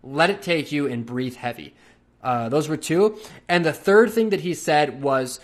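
A man's voice: on the high side, measured pace. A man hosting a podcast, telling a personal story in a loose, chatty way with lots of fillers and some casual swearing. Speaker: podcast host.

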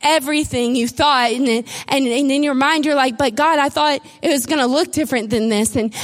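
A middle-aged woman preaching a sermon, telling a lively, animated story. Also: high-pitched. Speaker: pastor.

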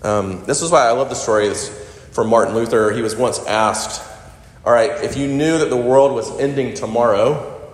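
Male pastor mid-sermon, conversational and playful, medium pitch, recorded in a reverberant hall. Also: normal speed. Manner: animated, conversational, with quips and laughs. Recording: echoey hall with long reverb.

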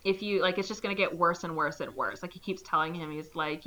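A woman's voice: lowish voice, a little fast, hardly any pauses, fairly bright tone. A young woman casually recapping a movie plot, rambling with lots of "like" and acting out the characters' lines.

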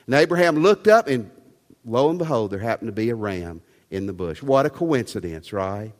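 A man's voice: medium pitch, sing-song, normal speed. A man preaching a sermon as pastor, emphatic and full of rhetorical questions. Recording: long hall reverb.

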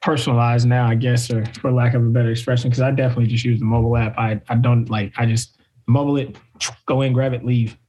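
A man's voice: mid-range voice, flat delivery, fast talker, warm tone, slightly rough. A man co-hosting a podcast, chatting casually with frequent stammered restarts. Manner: stammering restarts, laid-back. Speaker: podcast co-host.

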